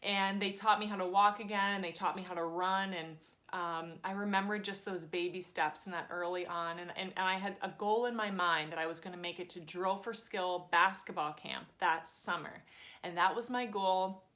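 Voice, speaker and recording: A woman in her thirties, a teacher, telling a personal story in a chatty, animated way and acting out the voices of the people in it, at a cozy home. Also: on the low side, moderate pace.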